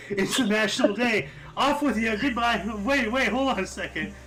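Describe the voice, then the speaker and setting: A man's voice: high-pitched, moderate pace, sharp tone, low-quality recording. A man co-hosting a casual history chat show, joking, laughing often and reading out dates. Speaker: podcast co-host.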